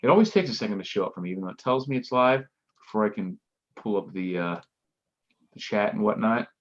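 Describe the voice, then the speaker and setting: A man's voice: on the low side, expressive, quick pace, muffled recording. A man with a stuffy nose, casually co-hosting a live-streamed talk show. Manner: easygoing, chatty. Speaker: podcast co-host.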